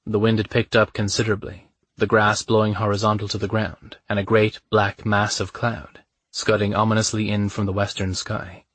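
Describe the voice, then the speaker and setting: A man narrating a romance audiobook in a measured, even storytelling manner. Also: lowish voice, dry recording.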